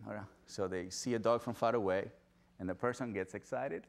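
Animated man. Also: brisk, a crowd in the background. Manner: acts out excited dog lovers in high squealing voices. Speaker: dog behaviorist speaker. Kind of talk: animated storytelling talk. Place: event stage.

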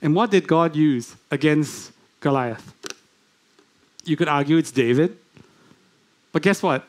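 A man's voice: a little high, a little slow, a little mellow. A man preaching a sermon in a church, speaking conversationally and putting many questions to the congregation. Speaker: guest preacher.

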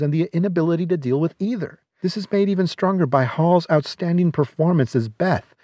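A man reads his film reviews from a script in a fairly high, lively voice, dropping in dry jokes along the way. He is close to the mic in a dead, dry space. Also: no room sound. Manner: sardonic, jokey asides. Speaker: podcast host.

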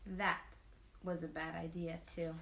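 A woman reading a children's storybook aloud to a live audience, expressive, with asides to her listeners. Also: lowish voice, measured pace, vocal fry, a little hiss or hum.

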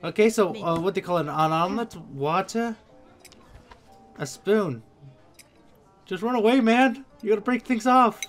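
A reaction video host giving casual commentary, excitable and quick to exclaim and gasp. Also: mid-range voice. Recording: clear background music. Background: clear background music.

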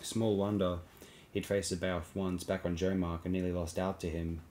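A man narrating an audiobook in a steady, low-key reading. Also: normal speed, a little hiss or hum. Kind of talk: scripted narration.

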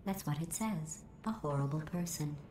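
An actress voicing a deadpan, sarcastic female AI who delivers flat, clinical insults. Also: low-pitched, normal speed, close to an everyday voice. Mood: deadpan mocking. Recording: echoey game audio with noise.

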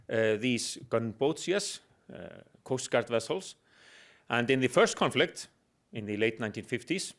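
Brief: middle-aged man lecturing in English, slightly high voice, wry humor, pauses on "uh". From Iceland. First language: Icelandic. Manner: explanatory with dry humor, hesitant fillers. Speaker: guest lecturer. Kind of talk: public lecture.

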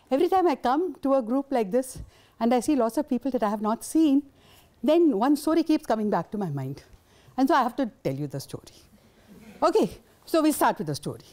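A woman's voice: high voice, dark tone. An older woman, giving a passionate, indignant conference talk. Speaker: invited speaker.

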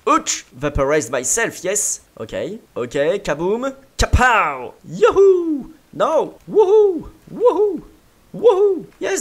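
Let's-play host, leisurely delivery, giggly and animated, pitch all over the place. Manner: playful, with yelps, giggles and mouth sound effects. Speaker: gaming video creator.

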